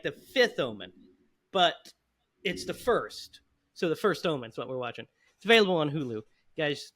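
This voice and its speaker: A man's voice: on the high side, fairly bright tone. A man hosting a podcast, telling a story in casual chat with frequent laughs. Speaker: podcast host.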